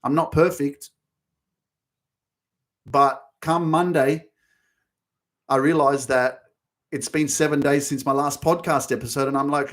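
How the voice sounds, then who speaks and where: A man in his thirties hosts a motivational podcast, delivering a monologue in a higher-pitched, steady voice. He speaks unhurriedly with long pauses, yet talks passionately and emphatically, cursing freely and repeating phrases to hammer points home.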